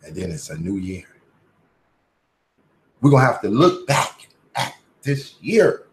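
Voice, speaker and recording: A man's voice: lowish voice, sing-song, slow, slight background noise. A man hosting a casual commentary livestream, talking in a profane, preachy, motivational way. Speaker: channel host.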